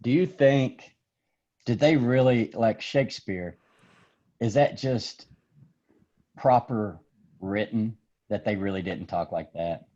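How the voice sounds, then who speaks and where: A man's voice: fairly low pitch, slow, pauses often, dark tone. A man hosting a podcast, chatting casually in a laid-back, musing way. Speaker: podcast host. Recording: dull lo-fi sound.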